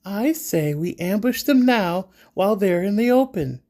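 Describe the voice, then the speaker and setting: A woman's voice: lowish voice, animated, unhurried, warm tone, pitched above the performer's own voice. A man voicing a fierce, vengeful young woman warrior who speaks in a seething, scornful and insistent way.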